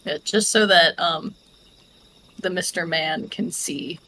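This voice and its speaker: A woman narrating as game master in a tabletop game, unhurried and halting. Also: lowish voice, sharp tone, poor audio.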